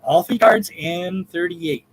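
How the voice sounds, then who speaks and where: A man hosting a live charity bingo game, calling numbers in a drawn-out way and joking in between. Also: sits high, low-quality recording. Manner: campy, jokey, drawn-out number calls. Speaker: bingo caller and host.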